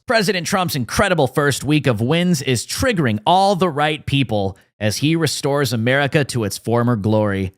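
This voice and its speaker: A male commentator reads a scripted political segment with a combative, mocking edge. His voice sits fairly high for a man and swings widely in pitch as he jeers.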